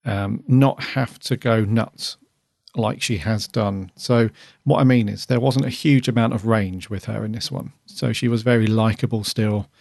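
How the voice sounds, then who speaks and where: A man's voice: fairly low pitch, steady tone, a little slow, gravelly, a little mellow, no room sound, clean studio sound. A man co-hosting a podcast, chatting casually and rambling with lots of ums while reviewing an episode. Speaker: podcast co-host.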